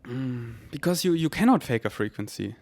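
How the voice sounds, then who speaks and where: A man's voice: medium pitch, animated, normal speed, gravelly, darkish tone. A man hosting a podcast, speaking in a rambling spiritual monologue with repeated words and casual swearing; German is his first language. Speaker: podcast host.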